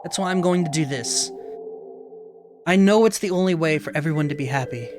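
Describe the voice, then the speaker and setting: A man's voice: fairly high pitch, a little fast, music in the background, natural voice. Man reading as a heartbroken young woman. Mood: resolved. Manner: reading a game character's lines aloud.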